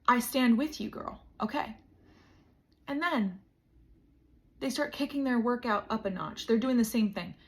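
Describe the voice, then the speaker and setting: Young female vlogger, high-pitched, slow, theatrical comic delivery. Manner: dramatic comic storytelling with mock-grand emphasis. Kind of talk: casual storytelling chat.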